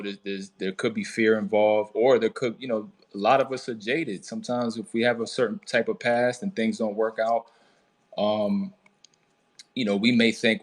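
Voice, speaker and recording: A man, a trauma recovery coach hosting a live talk, answers in a measured, halting way with many fillers. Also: low-pitched. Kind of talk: reflective casual talk.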